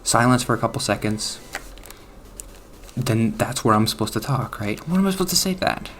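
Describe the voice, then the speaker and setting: A man's voice: mid-range voice, lively intonation, brisk, a bit bright, a little hiss or hum. A man talking casually over gameplay, rambling and self-deprecating, often trailing off, restarting and chuckling at himself. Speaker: gaming channel host.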